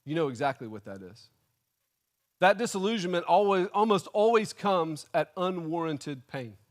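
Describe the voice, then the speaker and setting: A man preaching a sermon, telling a comic personal story with animated, indignant storytelling. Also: high voice, moderate pace. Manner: animated storytelling, acting out his own indignation. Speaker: pastor.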